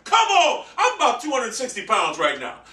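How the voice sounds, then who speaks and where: A man ranting brashly and profanely in a monologue vlog, boasting loudly. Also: extremely high pitch, wildly swooping pitch, brisk, distant mic. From United States. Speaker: vlogger. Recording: echoey room, off-mic.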